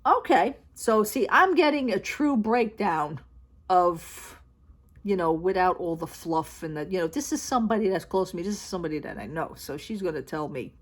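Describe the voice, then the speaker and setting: A woman's voice: fairly low pitch, expressive, moderate pace. A woman vlogger in a casual storytelling chat, blunt and down-to-earth, retelling a conversation line by line. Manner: chatty, retells conversations with constant "she says".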